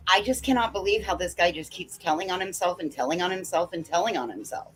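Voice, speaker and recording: Very low-voiced woman on a livestream panel. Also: lively intonation, fast, soft background music. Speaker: panel guest. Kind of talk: livestream commentary.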